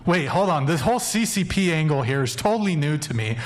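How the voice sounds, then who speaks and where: A man moderating a debate, cutting in to slow things down and ask questions. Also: on the high side, very animated. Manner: interjecting, trying to slow things down.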